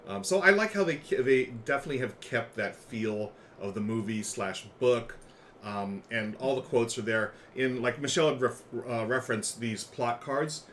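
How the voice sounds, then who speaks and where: A man's voice: medium pitch, normal speed, fairly bright tone, slight background noise. A man co-hosting a livestream about a board game, chatting casually with a partner and viewers, often laughing. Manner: chatty, laughing, talks with mouth full. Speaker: game show co-host.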